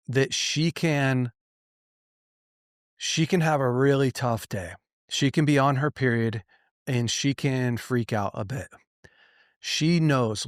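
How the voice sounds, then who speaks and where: A man's voice: mid-range voice, no room sound. Earnest man teaching, dry close sound. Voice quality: voice that can sound choked, as if near tears. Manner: earnest and emphatic, rhetorical questions, frequent restarts. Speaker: pastor and podcast host. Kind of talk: direct-to-listener podcast teaching.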